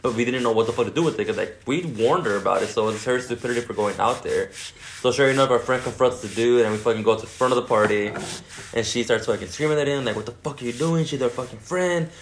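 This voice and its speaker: A man's voice: medium pitch, fast, a little hiss or hum. A man casually telling a long story in a podcast chat, swearing constantly and rambling. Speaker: podcast co-host.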